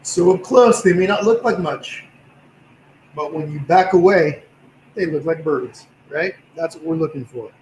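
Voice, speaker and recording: A man's voice: fairly high pitch, measured pace, a little hiss or hum. Tired-voiced man teaching painting, roomy. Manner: relaxed, encouraging, talks while working. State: tired, slightly worn voice. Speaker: painting instructor. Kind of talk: livestream painting tutorial.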